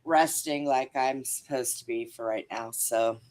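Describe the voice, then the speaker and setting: A woman's voice: extremely low pitch, a little slow, a little mellow. A middle-aged woman co-hosting a podcast in casual chat, chatty and teasing, laughing often. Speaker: podcast co-host.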